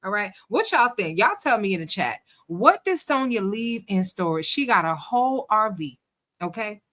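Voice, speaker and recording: Bright teasing woman live-stream commentator. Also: medium pitch, very animated, normal speed. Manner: laughing, teasing, chatty. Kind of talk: casual chat commentary. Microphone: desk microphone.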